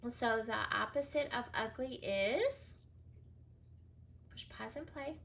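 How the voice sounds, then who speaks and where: A woman teacher with a slightly high, fairly bright, animated voice gives a recorded reading lesson for young children at a slow pace. She sounds out words, spells them letter by letter, and encouragingly praises often.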